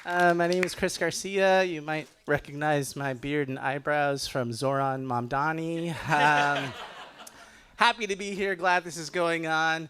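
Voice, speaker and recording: A middle-aged man from Los Angeles doing a lively stand-up comedy set at a benefit show. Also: a little high, measured pace, a little hiss or hum. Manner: animated, loud comic impressions of relatives.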